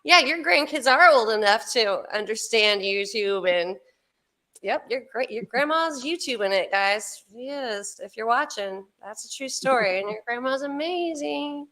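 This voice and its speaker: A woman's voice: a little high, lively intonation, a little slow, sharp tone. A woman in her fifties hosting a casual podcast livestream, chatting with a co-host and greeting viewers with frequent laughter. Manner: bubbly, laughs often, chatty asides to viewers.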